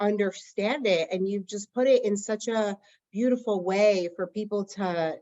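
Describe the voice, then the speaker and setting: A woman's voice: medium pitch, dark tone. A woman hosting a podcast, reacting enthusiastically and chatting casually with her guest. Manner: enthusiastic, quick affirming reactions. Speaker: podcast host. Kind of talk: casual interview chat. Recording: slightly dull lo-fi sound.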